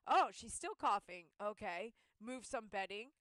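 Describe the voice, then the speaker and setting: A woman's voice: medium pitch, expressive, unhurried, fairly bright tone, dry recording. A woman who runs a pet-grooming channel, talking in a casual, heartfelt monologue and telling stories by replaying her own inner voice.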